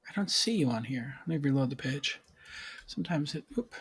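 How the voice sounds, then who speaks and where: A man's voice: medium pitch, animated, brisk, gravelly, a little hiss or hum. A man hosting a live-streamed show, chatting with his producer and viewers, then reading through tech news. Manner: chatty, upbeat, talks to the audience and producer. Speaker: podcast host.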